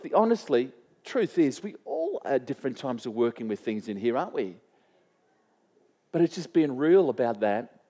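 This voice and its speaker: A pastor whose voice sits on the high side with a dark tone delivers a sermon in a church hall. His storytelling is conversational, full of restarts and questions aimed at the congregation, and the room lends a long reverb.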